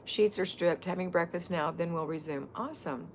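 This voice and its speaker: A woman's voice: on the low side, normal speed, a little hiss or hum. A middle-aged woman hosting a casual livestream, chatting and greeting viewers by name as a home-organizing mentor.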